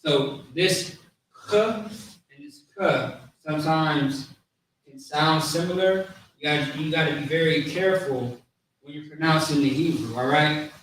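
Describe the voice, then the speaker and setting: A man teaching a language class, slowly repeating each word and its meaning, in an informal way with many fillers. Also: on the high side, a bit bright, a little hiss or hum. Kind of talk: classroom lesson. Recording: very echoey room, distant mic, faint ambience.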